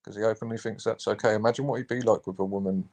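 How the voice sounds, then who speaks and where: A young man chatting on a stream, animated and sweary, calling his friend mate and bro. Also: on the low side, rapid-fire. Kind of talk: casual live-stream chat.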